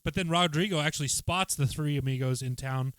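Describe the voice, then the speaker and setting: Man, movie podcast co-host, rambling recaps, higher voice, dry room. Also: fairly quick, fairly bright tone, smooth, dry recording. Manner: rambling, recaps scenes, trails off mid-sentence. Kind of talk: casual movie chat.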